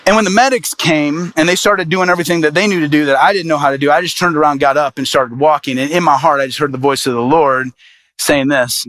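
A man, an evangelist, telling a personal story in a sermon with lively, animated delivery. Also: a little high, quick pace. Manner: animated, lively storyteller voicing quoted people.

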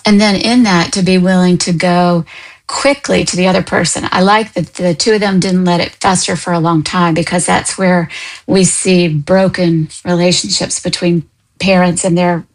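A woman guest who works as a counselor and coach, answering thoughtfully in a radio interview with soft hesitations. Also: on the low side, steady tone, moderate pace, low-quality recording.

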